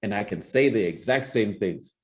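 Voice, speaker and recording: Man, public speaking coach, lowish voice, video call, restarts, acts out examples. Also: lively intonation, normal speed. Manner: conversational, repeats words and restarts, acts out example lines. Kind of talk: online presentation skills lesson.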